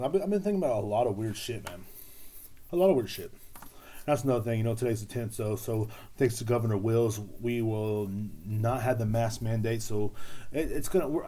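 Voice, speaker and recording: Hosting a solo podcast, a young man rambles with plenty of swearing and sarcasm. His warm, mellow voice sits at a middle pitch, and loose thoughts are strung together with frequent fillers like "man" and "you know."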